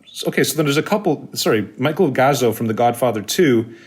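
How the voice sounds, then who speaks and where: A man's voice: medium pitch, animated, quick pace. A man with a middle-range voice co-hosts a film podcast. He talks loosely, full of fillers and offhand curses, as he recalls actors and scenes. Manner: loose, profane, filler-heavy. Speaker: podcast co-host. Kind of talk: casual film chat.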